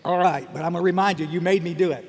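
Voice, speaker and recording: At a recovery meeting, a middle-aged man delivers a funny personal talk in a high-pitched, steady voice at a rapid-fire pace. He jokes wryly, frequently begins his sentences again, and tosses asides to the audience. The echoey hall carries faint background noise.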